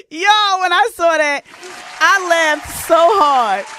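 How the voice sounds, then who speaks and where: Lively, animated woman radio host. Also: extremely high pitch, a little hiss or hum. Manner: animated, laughs a lot, sings playful bits. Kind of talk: casual chat with listeners.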